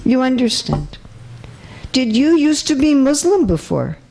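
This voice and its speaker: High-voiced woman giving a chatty religious talk. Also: big pitch swings, measured pace, creaky, dark tone, slightly rough. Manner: chatty, keeps checking in with the audience; light teasing humor. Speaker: visiting speaker. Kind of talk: religious lecture. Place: indoor temple hall with a live audience.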